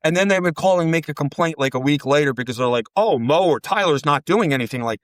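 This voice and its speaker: A fast-talking man in his forties with a slightly high voice spins rambling, profane tales as a podcast guest, with no room sound. The chat is casual, and he acts out the quoted lines with animation.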